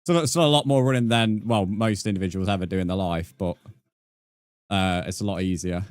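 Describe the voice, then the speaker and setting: A young man with a low voice streams a game, talking a little fast as he casually reads and answers his chat, laughing often. There's no room sound in the recording.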